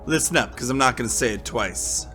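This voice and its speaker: A man's voice: mid-range voice, a little fast, sharp tone, soft background music, pitched above the performer's own voice, natural voice. Man doing a pushy shady informant. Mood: brusque.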